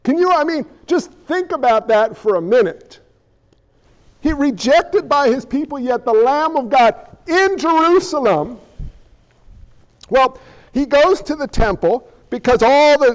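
A man preaching a sermon as pastor in an animated, conversational way with jokey asides. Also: very high voice, big-room sound.

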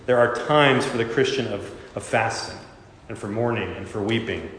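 A man preaching a sermon as pastor, expressive and dramatic, acting out the voices he quotes. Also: fairly low pitch, normal speed, a little hiss or hum. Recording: echoey church hall.

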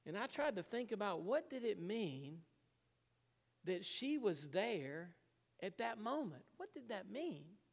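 A man's voice: sits high, sing-song, takes it slowly, vocal fry, in a large hall. A man preaching a sermon, telling a personal story with emotion and frequent laughs. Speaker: pastor.

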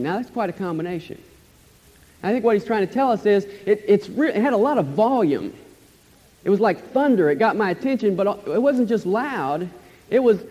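A pastor with a high, mellow voice delivers an expository sermon with eager emphasis, repeating his key phrases and dropping to a hush at the ends of his lines. The sound is dull and lo-fi, and it rings with the long reverb of a large hall. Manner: enthusiastic, emphatic repetition, trailing off softly at phrase ends.

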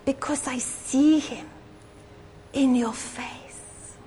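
A woman voicing a sweet, gentle little lady who speaks softly and hesitantly. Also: high voice, fairly even intonation, a little hiss or hum. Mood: hushed. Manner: soft, hesitant, halting. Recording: echoey hall.

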